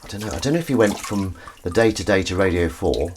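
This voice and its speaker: Lively, low-voiced man chatting. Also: quick pace, noisy background. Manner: chatty, swears casually, reads chat aloud. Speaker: streamer and actor. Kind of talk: casual live-stream chat while washing up. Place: kitchen sink. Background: running tap water and dish clatter.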